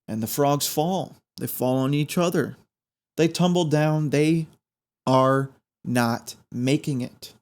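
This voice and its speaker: A man hosting a podcast, telling a story in an animated way that builds suspense. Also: mid-range voice. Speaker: podcast host.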